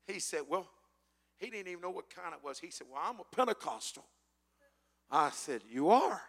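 High, gravelly preacher in a hall. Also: male voice, animated, normal speed. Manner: preaching with shouted scripture and call-and-response. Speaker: pastor. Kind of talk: sermon.

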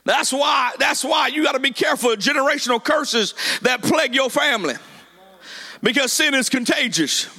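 A man preaching a sermon with a shouted, sing-song cadence, repeating his lines for emphasis. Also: very high-pitched, animated, moderate pace, faint music behind.

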